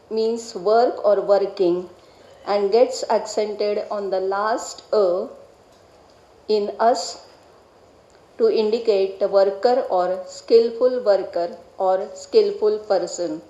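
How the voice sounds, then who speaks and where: Slow, measured Indian woman lecturing. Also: medium pitch, mellow, dull audio. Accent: Indian English. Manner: measured, explanatory, stresses key syllables. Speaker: Vedic researcher presenting a paper. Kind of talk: academic lecture. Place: lecture hall. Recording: echoey hall.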